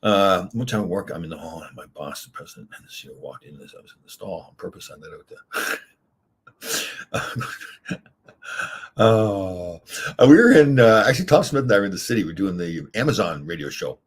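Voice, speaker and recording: A man's voice: sing-song, brisk. An older man hosting a casual livestream, rambling candidly through stories and viewer comments, chuckling as he goes. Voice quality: very husky low voice. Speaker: livestream host reading chat.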